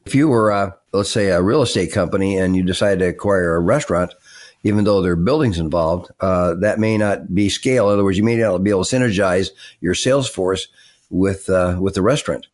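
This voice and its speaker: An older man, a tech executive and author, answering interview questions in a halting way with many fillers and restarts. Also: deep voice.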